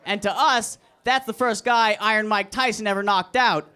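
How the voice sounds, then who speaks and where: Young guy doing crude deadpan standup, high bright voice, open mic club. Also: moderate pace, smooth. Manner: deadpan, crude, self-deprecating. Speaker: stand-up comic. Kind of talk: stand-up comedy set. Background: audience laughter.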